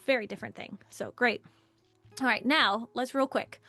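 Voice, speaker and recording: A gravelly, fairly high-pitched woman speaks at a normal pace with faint music behind her. Leading a live online workshop, she stays casual and conversational with chatty asides, animatedly acting out quoted lines in playful voices.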